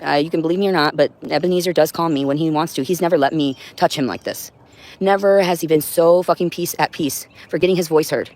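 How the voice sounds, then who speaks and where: A woman's voice: low voice, quick pace, a little mellow. A woman hosting a livestream, talking to her audience in a rambling, intense and profane monologue at home. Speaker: livestream host. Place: indoors at home with a cat.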